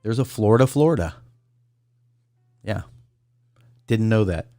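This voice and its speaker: Man, low voice, casual call-in host, rambling, dry close sound. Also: expressive, a little slow, warm tone, dry recording. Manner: rambling, reads a list aloud, greets viewers. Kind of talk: casual livestream chat.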